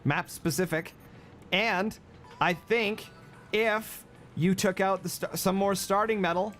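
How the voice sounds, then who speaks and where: A man with a high-pitched voice talks through a game livestream, brash and joking as he coaches his viewers. Faint music sits under his voice. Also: fairly even intonation, slow, fairly bright tone. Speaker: game streamer.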